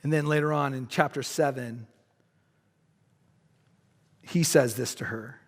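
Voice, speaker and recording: A man's voice: medium pitch, a little slow. Man preaching casually in a reverberant church. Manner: casual, joking preaching with animated asides. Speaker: pastor. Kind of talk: sermon. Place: church sanctuary. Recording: long church-hall reverb.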